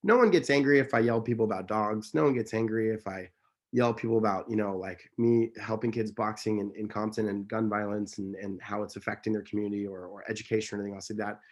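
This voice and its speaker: A man's voice: fairly even intonation, quick pace. Passionate guy on an interview, talks with heat, voice jumps up when he gets worked up. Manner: intense, emphatic, pitch jumps high when worked up. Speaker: interview guest. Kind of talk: impassioned conversational interview.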